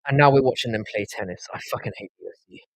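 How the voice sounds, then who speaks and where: A man's voice: mid-range voice, racing, no room sound, low-quality recording. A man from London with a South London accent, hosting a casual live stream and trading rambling, profane banter with his chat. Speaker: livestream host.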